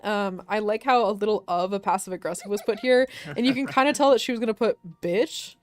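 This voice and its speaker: A woman's voice: mid-range voice, fairly quick, faint music behind. Woman reading posts aloud on stream. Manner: reads stories aloud with laughing asides. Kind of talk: casual group chat on a livestream.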